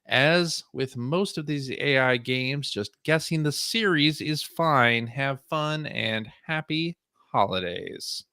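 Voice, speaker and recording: A man hosting a podcast, talking in a loose, easygoing way with plenty of "uh"s as he sets things up. His voice sits at an ordinary middle pitch. The sound is close and dry, with no room around it. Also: expressive, slow pace, few pauses, bright, forceful tone, clean tone, no echo. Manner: loose and chatty, with frequent fillers. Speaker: podcast host. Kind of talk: casual podcast chat.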